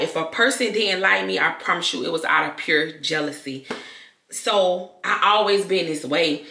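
A woman YouTuber talking candidly to her viewers, loud and expressive, in casual talk to camera. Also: low voice, creaky. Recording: echoey room.

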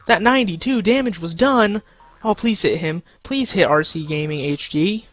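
A man's voice: sits high, animated, a little slow, fairly bright tone. A young man in casual live-stream commentary, goofy and crude, talking to himself and his chat with sudden silly outbursts. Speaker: gaming streamer.

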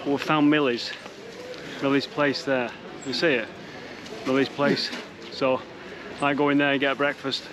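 A man's voice: mid-range voice, level tone, unhurried, pauses often, background noise. A man from Manchester, chatting enthusiastically through a casual travel vlog. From Manchester, England. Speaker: vlogger.

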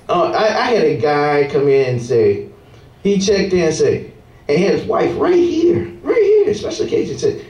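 A man's voice: a little high, moderate pace, muffled recording. A man doing a stand-up comedy set, telling hotel stories and acting out the guests. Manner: animated storytelling, acting out hotel guests and singing waiters. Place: comedy club stage. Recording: roomy club sound from a distant mic.

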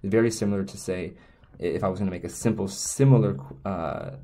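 Casting: man, deep and mellow voice, relaxed rambling teacher prone to tangents. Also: brisk. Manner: rambling, self-correcting, frequent restarts and tangents. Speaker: Korean language teacher. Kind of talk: casual explanatory lesson.

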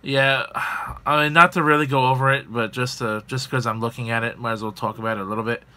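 A man's voice: medium pitch, steady tone, fast talker, sharp tone. A man hosting a casual gaming news podcast, rambling with fillers and jokes. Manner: rambling, filler-heavy, joking. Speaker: podcast host.

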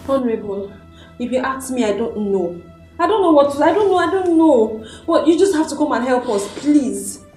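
A woman's voice: high voice, expressive, moderate pace, darkish tone. An actress playing a hesitant young woman pleading for help in a film. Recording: echoey room with music under.

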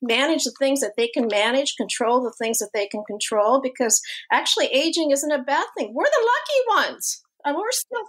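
High-voiced animated woman in her sixties. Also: normal speed, few pauses, husky. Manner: animated storyteller who laughs often. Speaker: guest, college activity instructor. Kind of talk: casual interview talk.

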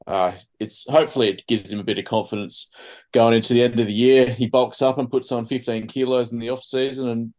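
A man's voice: medium pitch, fairly even intonation, brisk, darkish tone. A man co-hosting a podcast, thoughtful and hesitant, with frequent ums. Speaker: podcast co-host. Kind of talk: casual chat.

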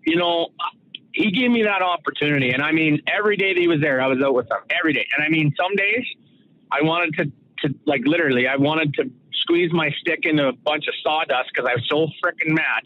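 Middle-aged man from Saskatoon, rambling storyteller with a slightly high voice, dry, tinny phone-line sound. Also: a little fast, dry recording. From Saskatoon, Canada. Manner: rambling, full of fillers and restarts, acts out quoted voices. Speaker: guest, former pro hockey enforcer. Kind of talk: casual storytelling interview.

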